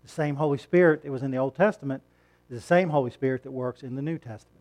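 A man's voice: medium pitch, quick pace, darkish tone. A middle-aged man preaching a sermon in a conversational way, rising to emphatic points and asking the congregation questions. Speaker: pastor.

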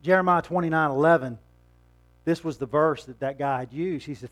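A man's voice: a little high, fairly quick, soft background music. A man preaching a sermon in a conversational way, asking rhetorical questions and chuckling now and then.

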